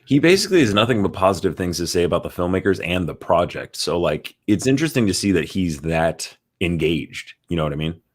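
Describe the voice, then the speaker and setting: Deep-voiced man rambling through movie news. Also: big pitch swings, fairly quick, hardly any pauses. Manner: rambling, reads out news articles with many fillers. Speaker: podcast co-host. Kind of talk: casual chat about movie news.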